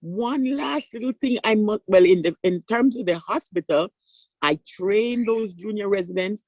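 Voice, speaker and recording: An older woman, a surgeon, speaking on a conference panel and telling stories with animated voices for the people in them. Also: medium pitch, moderate pace, no room sound, rough recording. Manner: animated storytelling, acting out voices in quotes.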